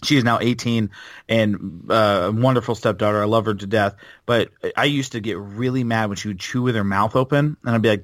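A man in his thirties ranting bluntly on a podcast, cursing freely in casual chat. His voice sits at a middling pitch, recorded close and dry with no room sound. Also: a little fast, fairly bright tone, dry recording. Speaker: podcast co-host.

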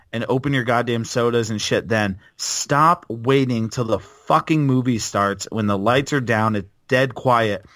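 A man in his thirties ranting bluntly on a podcast, cursing freely in casual chat. His voice sits at a middling pitch, recorded close and dry with no room sound. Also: fairly bright tone, no echo. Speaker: podcast co-host.

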